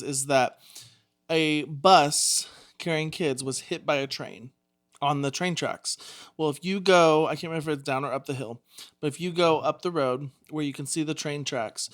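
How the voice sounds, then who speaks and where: A man in casual podcast chat with a fairly high voice. He tells stories in a chatty, easygoing way and laughs easily. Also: a bit bright. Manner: chatty, giggly storyteller. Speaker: podcast co-host.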